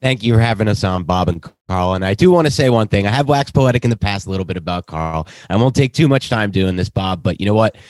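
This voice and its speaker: A man's voice: fairly low pitch, expressive, fast, hardly any pauses, darkish tone, no echo. A man joining a sports podcast as a guest, chatty and enthusiastic. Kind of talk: casual sports talk.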